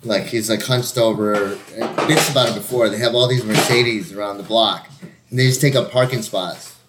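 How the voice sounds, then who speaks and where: A man telling a rowdy story in casual chat, swearing constantly and jumping into louder, higher voices to act out what people said. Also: moderate pace, very noisy. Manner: profane, animated, acts out quotes in raised voices.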